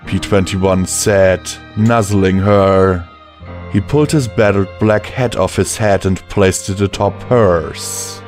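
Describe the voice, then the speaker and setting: Slow, low-voiced male audiobook narrator. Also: darkish tone. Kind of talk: first-person audiobook narration. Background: faint music.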